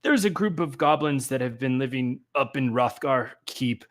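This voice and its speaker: A man's voice: mid-range voice, lively intonation, moderate pace, a bit bright, lightly acted. A man doing a stammering nervous mayor. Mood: confessing. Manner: stammering, anxious, pleading. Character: nervous sweating large male town mayor.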